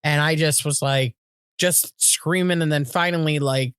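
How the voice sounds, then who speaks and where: A woman's voice: low-pitched, steady tone, a little slow, clean tone, dry recording, studio quality. Swearing, rambling woman podcast co-host. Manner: rambling storyteller, swears freely, acts out voices. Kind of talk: casual chat.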